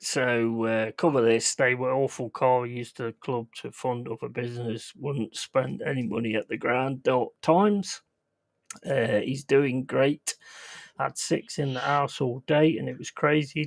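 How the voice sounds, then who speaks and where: A man's voice: mid-range voice, steady tone, unhurried, gravelly, dry recording. A man hosting a livestream, reading viewer comments and trading crude jokes. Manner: jokey, crude banter. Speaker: livestream host.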